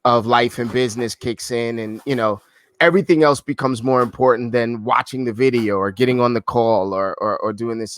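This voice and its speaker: A man's voice: medium pitch, fairly bright tone, clean tone, no room sound. Man, podcast host, effusive and casual, stumbles over repeated words, calls the guest "brother", dry close sound. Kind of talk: casual interview chat.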